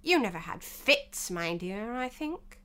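A woman voicing a fussy, pompous king of cards who talks slowly and mutters to himself. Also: medium pitch, very animated, pushed and bright, heavily acted. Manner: slow, muttering, self-satisfied.

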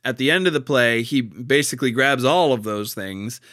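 A man in casual discussion of a play, talking in a halting way with many pauses and restarts. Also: medium pitch, a bit bright, no echo, studio quality. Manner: halting, many fillers and restarts, laughs easily.

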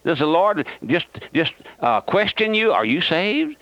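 A man's voice: on the high side, big pitch swings, measured pace, a bit bright. A man preaching a radio sermon as pastor, fervently and repeatedly questioning his listeners. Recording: dull lo-fi dry radio broadcast.

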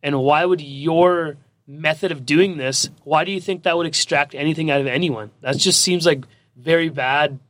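A man's voice: a little high, normal speed, a bit bright, dry recording. Blunt man with a raised voice. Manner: blunt, swears, rhetorical questions. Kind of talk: casual podcast chat.

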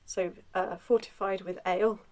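A woman telling a spooky folk tale in a relaxed, chatty way, with frequent filler sounds. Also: mid-range voice, normal speed, poor audio. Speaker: storyteller. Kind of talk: conversational folklore storytelling.

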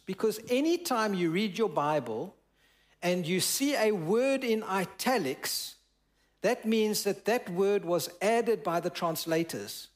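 High-voiced pastor preaching slowly. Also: male voice. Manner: preaching with slow drawn-out emphasis and asking the congregation questions; reads scripture aloud and explains it. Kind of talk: sermon. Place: church.

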